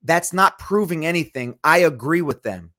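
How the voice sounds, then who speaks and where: A man's voice: fairly high pitch, lively intonation, moderate pace, sharp tone, dry recording, studio quality. A man with a slightly raised voice leads a casual Bible study from home. He talks in an emphatic, argumentative way, pressing each point. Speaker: podcast host teaching the Bible.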